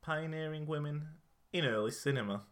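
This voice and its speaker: Bright-voiced joking male podcast host. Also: a little high, normal speed. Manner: joking, rambling, with fillers. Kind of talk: casual chat.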